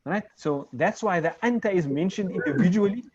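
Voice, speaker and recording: A male Arabic teacher leads an online class, patient and methodical, checking in with his students. His voice sits a little high for a man. The sound is dry and dull, like lo-fi call audio. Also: expressive, fairly quick, darkish tone, breathy edge, no echo. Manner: patient, explains step by step, checks understanding.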